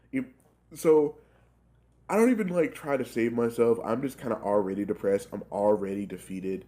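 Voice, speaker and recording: A young man in his twenties telling a rambling, profane work story in a casual, animated way, full of filler words. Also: mid-range voice, moderate pace. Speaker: gaming channel host telling a story.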